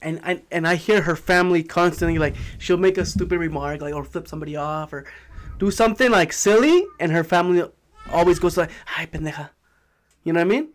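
A man's voice: fairly high pitch, quick pace. A man co-hosting a casual podcast chat, swearing freely and laughing as he tells stories. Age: older than co-hosts. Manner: storytelling, swearing, laughing often. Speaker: podcast co-host.

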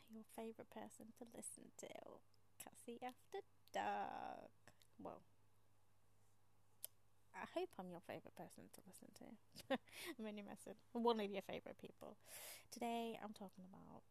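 A woman's voice: medium pitch, normal speed, gravelly, darkish tone. A woman hosting a casual monologue, chatty and self-mocking, often half-whispering, laughing and swearing as she tells her story. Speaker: podcast host.

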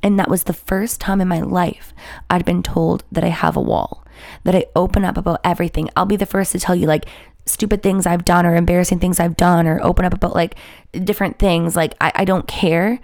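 Young woman, twenties, YouTuber, rambling confessional storytelling, gravelly fry, dry close sound. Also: fairly low pitch, fairly even intonation, fairly quick, darkish tone, dry recording. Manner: rambling, confessional, heavy with "like" and restarts. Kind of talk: candid personal storytelling to viewers.

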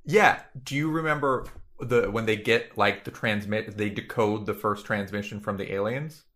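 A man with a bright, forceful voice, chatting casually and riffing. He rambles, swears freely and keeps laughing at his own bits. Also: lowish voice, moderate pace. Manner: rambling, profane, laughs often. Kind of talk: casual comedic chat.

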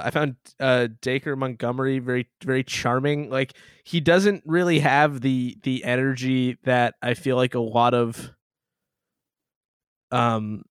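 Halting, rambling man reviewing a movie. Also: mid-range voice, fairly bright tone, clean tone, no room sound, studio quality. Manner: rambling, halting, swears, laughs often. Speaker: podcast co-host. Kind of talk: casual movie review chat.

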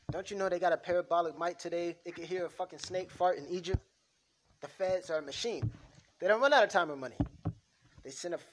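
A blunt, swearing mob boss lectures his crew, as a man reads the part aloud. The voice sits a little high for a man. A steady hiss runs under the recording. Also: close to an everyday voice. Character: hot-tempered profane male mob boss.

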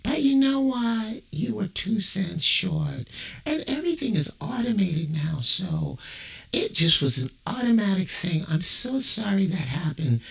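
A man's voice: high voice, big pitch swings, unhurried, vocal fry, a bit bright, pitched above the performer's own voice, exaggerated voice, rough recording. A man putting on a sugary female phone agent. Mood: sugary polite. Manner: sugary, apologetic, fake politeness. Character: overly sweet female customer service agent. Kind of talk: stand-up bit.

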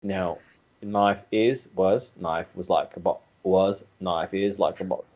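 A man's voice: low-pitched, steady tone, takes it slowly, darkish tone. A man co-hosting a podcast in casual chat, rambling with many restarts and self-corrections. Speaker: podcast co-host.

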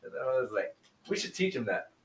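A man's voice: mid-range voice, very animated, a little fast, distant mic. A man who teaches, chatting casually on a podcast and telling classroom stories with easy laughs. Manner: storytelling, laughs easily. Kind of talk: casual chat. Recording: roomy echo, set back from mic.

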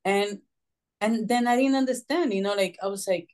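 This guest author, a Puerto Rican woman who speaks with a Puerto Rican Spanish accent and grew up with Spanish as her first language, has a mid-range voice and a fairly quick pace. Chatting casually in an interview, she narrates her story vividly and performs the questions she used to ask.

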